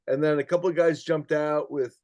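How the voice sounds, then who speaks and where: A man guest in an interview, telling stories in an animated way and swearing freely. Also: a little high, a little fast, no room sound. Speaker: guest, activist writer. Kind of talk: casual storytelling in interview.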